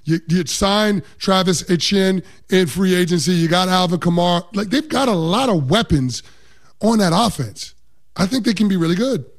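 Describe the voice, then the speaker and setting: High-voiced football analyst, confident. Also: male voice, moderate pace. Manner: confident, explanatory, uses "like" often. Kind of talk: sports talk show.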